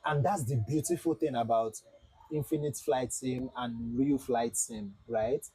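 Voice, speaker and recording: Husky young man livestreaming a flight sim. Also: medium pitch, fairly even intonation, a little slow, warm tone, no echo, poor audio. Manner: chatty, repeats himself, talks to chat. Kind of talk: casual livestream commentary.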